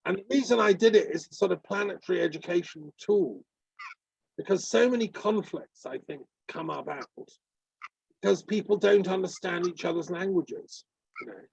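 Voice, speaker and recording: A man's voice with heavy gravel and husk comes through a muffled, lo-fi video call. He talks in an earnest, rambling way, full of ums. The sound is dry and close. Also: sits high, normal speed, no echo. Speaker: peace activist on a video call. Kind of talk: casual discussion. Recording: dull lo-fi call audio.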